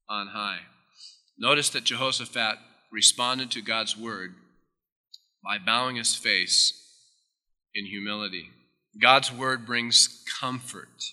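Bright, emphatic preacher in a reverberant hall. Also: male voice, mid-range voice. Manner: emphatic, with sudden drops into soft, intimate asides. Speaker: pastor. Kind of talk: sermon.

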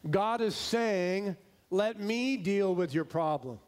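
A male pastor preaching a sermon, stressing key words slowly and dropping at times to a hushed tone. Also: high voice, expressive.

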